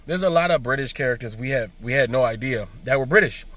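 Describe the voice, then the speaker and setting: A man's voice: mid-range voice, animated, quick pace, fairly bright tone. A man with an African American accent, hosting his own channel and giving his opinion in a loose, emphatic, conversational way with frequent restarts. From United States. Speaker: host. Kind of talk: casual commentary to camera.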